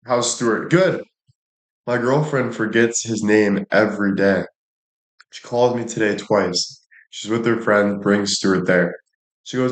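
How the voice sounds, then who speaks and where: A young man livestreams from an echoey room, telling crude, rambling stories in a casual chat and swearing constantly. His voice is on the low side, and he speaks unhurriedly with long pauses.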